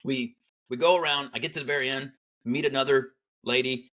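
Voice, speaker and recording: With a mid-range voice and a brisk delivery, a middle-aged man recounts his time in the military during casual conversation. The guest, an Army veteran, is animated and acts out the quoted dialogue.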